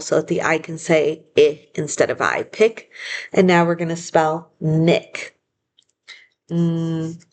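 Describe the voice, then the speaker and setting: Patient woman teacher dictating syllables. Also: on the low side. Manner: patient, splits words into syllables aloud; self-correcting, apologetic asides. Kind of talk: phonics lesson, slow dictation.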